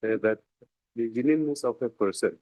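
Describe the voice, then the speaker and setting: A man's voice: medium pitch, a little fast, warm tone, dry recording, low-quality recording. Deferential male lawyer. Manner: deferential, repeats "my lord" often, hesitant with fillers. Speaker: defence lawyer. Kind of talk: courtroom argument.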